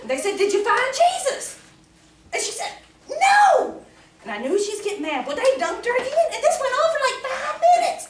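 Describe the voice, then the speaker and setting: A naive, chatty church gossip with a drawl, as a woman puts her on for a ladies' meeting. Her voice is very high and swoops up and down as she giggles through the tale. It sounds echoey and distant, with a noisy room behind. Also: huge pitch swings, brisk, full character voice. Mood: amused. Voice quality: folksy drawl with frequent laughing. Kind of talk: comic monologue in character.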